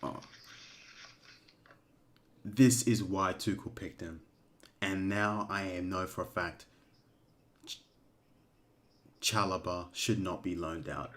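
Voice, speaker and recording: A man giving casual live commentary during a watch-along stream, excitable and emotional, breaking into shouts at big moments. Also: low voice, slow, pauses often. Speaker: fan streamer commentating a match.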